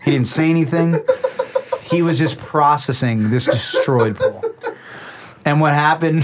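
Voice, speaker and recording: A man's voice: fairly high pitch, unhurried, pauses often, heavy background noise. A man telling family stories in a casual, rambling, profane way, often breaking into laughter. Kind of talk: casual storytelling.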